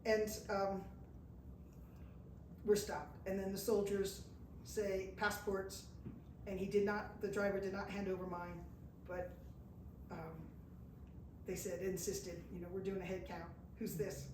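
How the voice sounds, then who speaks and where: Animated woman telling a story in an echoey room. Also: mid-range voice, measured pace, long pauses. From United States. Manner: animated storyteller, acts out quoted voices, laughs at herself. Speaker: pilgrim telling travel stories to an audience. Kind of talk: live storytelling talk. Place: indoor event room with an audience. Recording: echoey room from far off, faint noise.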